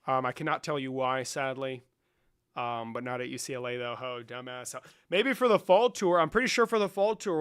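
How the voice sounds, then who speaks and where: A man's voice: mid-range voice, a bit bright, smooth, no room sound, studio quality. An American man hosting a live stream in casual chat, teasing and joking crudely with callers. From United States. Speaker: streamer and host.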